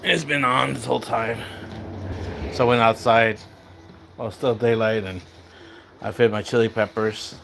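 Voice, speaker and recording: Chatty man livestreaming, bright voice. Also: medium pitch, normal speed, vocal fry, pauses often, slight background noise. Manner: rambling, chatty, bursts into excited whoops; mixes in Spanish words. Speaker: livestream host. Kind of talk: casual livestream chat with viewers.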